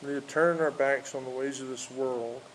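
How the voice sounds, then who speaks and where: A man preaching an informal sermon, telling a story with many pauses, fillers and restarts. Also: medium pitch, steady tone, slight background noise, poor audio. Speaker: pastor. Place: outdoors in a park.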